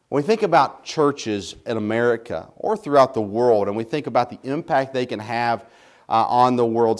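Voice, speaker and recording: A man preaching a sermon as pastor, speaking emphatically and building his points through repetition. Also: mid-range voice.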